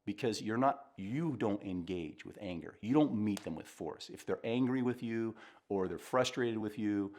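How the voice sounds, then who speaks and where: A middle-aged man, a communication coach, giving earnest, reflective advice straight to camera in a calm way. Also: fairly low pitch, moderate pace.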